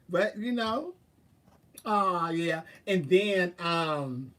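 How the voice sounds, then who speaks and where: A man's voice: high-pitched, expressive, drawn-out words, fairly bright tone, distant mic. A man hosting a livestream, chatting with viewers and telling sassy, profane stories through bursts of laughter. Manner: gives frank advice to viewers. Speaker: livestream host. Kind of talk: casual storytelling chat.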